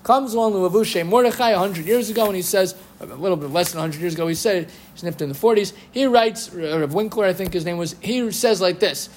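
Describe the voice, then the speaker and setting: A man giving a lively lecture on Jewish law, quoting rabbinic sources and chanting Hebrew phrases. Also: high-pitched, fairly quick, few pauses, a little hiss or hum. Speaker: Torah teacher. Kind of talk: halachic lecture.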